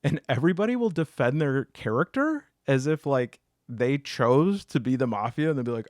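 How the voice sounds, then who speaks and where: A man telling a story in a casual monologue, joking as he goes and climbing to a high, excited pitch when he gets worked up. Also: normal speed, few pauses, no echo, clean studio sound. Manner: jokey asides, many fillers. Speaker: solo video essayist.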